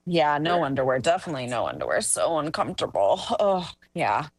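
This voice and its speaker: A woman's voice: deep voice, sing-song, a little fast, no room sound. A woman performing live improv comedy, chatty and full of fillers. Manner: chatty, many fillers and restarts.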